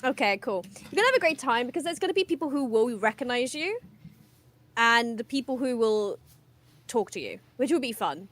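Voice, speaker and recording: Bubbly English woman, slightly high voice. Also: big pitch swings, fairly quick, fairly bright tone. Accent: hard-to-place southern English. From England. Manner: bubbly, giggly, rambling. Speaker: guest. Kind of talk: casual chat on a stream.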